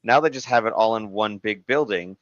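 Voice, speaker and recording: A man from Arizona telling rambling stories in casual podcast chat, lively when quoting others. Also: lowish voice, fairly quick, no echo, muffled recording. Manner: rambling storyteller, animated when quoting people. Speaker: podcast co-host.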